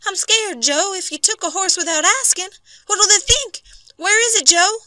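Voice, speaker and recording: A woman voicing a young frontier wife and new mother who speaks softly and pleads, rising into worry. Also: a little high, measured pace, no room sound, voice pushed up. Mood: anxious. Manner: soft, pleading, rising to alarm.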